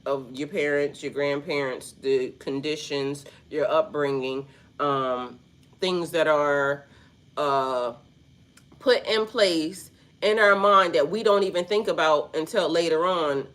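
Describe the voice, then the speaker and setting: A woman vlogger giving casual spiritual talk, rambling through rhetorical questions with slangy asides. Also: lowish voice.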